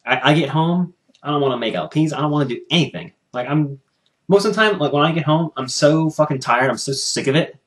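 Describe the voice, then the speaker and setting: A man's voice: a little high, a little fast. A young man from the United States in a casual vlog, venting angrily about his job and swearing as he talks to his camera at home. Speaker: vlogger.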